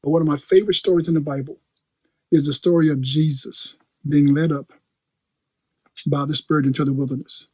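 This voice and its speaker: Husky-voiced preacher telling a story. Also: male voice, on the high side, a little fast, long pauses, no echo. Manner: animated storyteller, laughs often, repeats phrases. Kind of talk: storytelling sermon.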